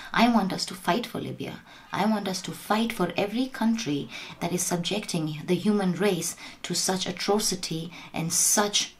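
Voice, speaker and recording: Earnest low-pitched woman, gravelly edge. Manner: earnest, pleading, with hushed whispered stretches. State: voice shaking. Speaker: vlogger. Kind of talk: impassioned direct-to-camera appeal.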